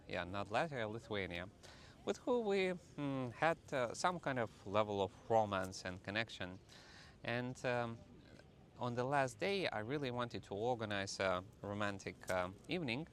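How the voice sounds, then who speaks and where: A man telling a personal story to camera in a halting way, with many filler pauses. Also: on the low side, a bit bright, a little hiss or hum. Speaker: vlogger.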